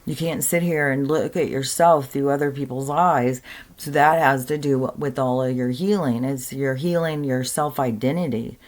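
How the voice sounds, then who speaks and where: A woman's voice: extremely low pitch, moderate pace, a little mellow. A woman giving an earnest, rambling spiritual monologue to camera, full of fillers and restarts. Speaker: spiritual content creator.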